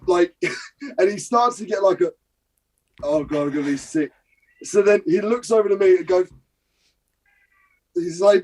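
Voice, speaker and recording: A young adult man from Britain, the guest on an interview show, tells an animated story. He swears casually and acts out scenes. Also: high voice, slightly rough, low-quality recording. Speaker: guest, professional wrestler. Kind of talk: animated anecdote telling.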